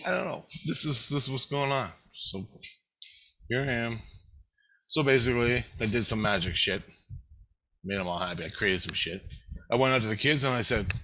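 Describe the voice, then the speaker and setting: An angry man tears through a rambling, profanity-laced monologue. His voice is bright and forceful, and his pitch sits in an ordinary middle range. He swears at nearly every turn. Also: moderate pace, pauses often. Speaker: vlogger.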